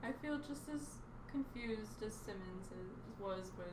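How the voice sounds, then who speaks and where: A woman's voice: mid-range voice, measured pace. A young woman co-hosting a casual fan podcast, playful and teasing, often confused. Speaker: podcast co-host. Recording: echoey room, mic far off, noisy.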